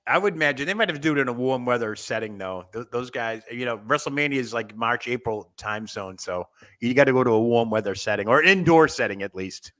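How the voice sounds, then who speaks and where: A man co-hosting a loose panel chat, his voice bright and forward. He rambles and thinks out loud, breaking into laughs as he goes. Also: mid-range voice, lively intonation, quick pace. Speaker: co-host of a wrestling show.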